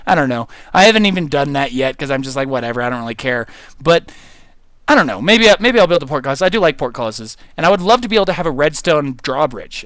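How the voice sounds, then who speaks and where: A man's voice: fairly high pitch, a bit bright, no echo. A man streaming a game live, thinking aloud in a rambling, giggly way, full of "like" and "um" as he reads his chat. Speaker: livestreamer reading chat. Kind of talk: casual gameplay livestream commentary.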